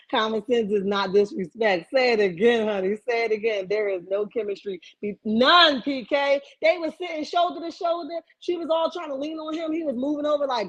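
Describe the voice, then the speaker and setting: A woman hosts a casual live stream, reading chat comments and riffing on them with animated, preachy, sassy outbursts. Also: on the high side, moderate pace. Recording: dull lo-fi stream audio.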